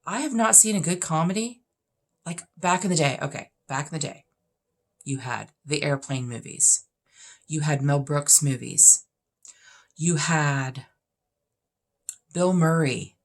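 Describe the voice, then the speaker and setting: A woman in her fifties with a deep voice speaks a little slowly and pauses often. She's a vlogger casually chatting through a list of questions, blunt and opinionated, with plenty of emphasis.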